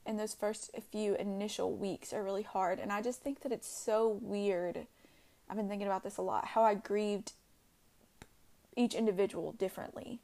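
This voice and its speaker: A woman with a gravelly, medium-pitched voice and fairly even intonation hosts a candid podcast. Her unscripted personal monologue comes out halting, with frequent restarts and soft asides.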